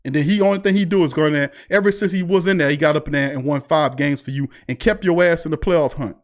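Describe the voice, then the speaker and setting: A man's voice: fairly high pitch, quick pace. A man hosting a live sports talk stream, heated and repeating rhetorical questions to his chat. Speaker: sports show host.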